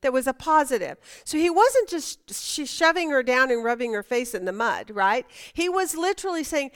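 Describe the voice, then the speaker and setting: A woman's voice: high-pitched, lively intonation, moderate pace, hardly any pauses, smooth. A woman teaching a Bible study class, chatty and emphatic, asking her students questions.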